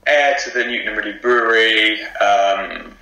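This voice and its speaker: A man's voice: fairly low pitch, normal speed, vocal fry, bright, forceful tone, roomy sound, rough recording. A man with a posh English accent, chatting about his acting work in an interview, with many ums and frequent laughs. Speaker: actor interviewed as guest. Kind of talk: casual interview chat.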